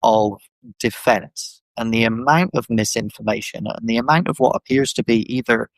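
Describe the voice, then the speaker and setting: A man with a gravelly, creaky, medium-pitched voice speaks at normal speed as a lively podcast guest, often acting out the voices of people he describes. His casual talk is packed with "you know" and "um." The rough recording comes from a video call mic that sounds dry and close, with no room sound.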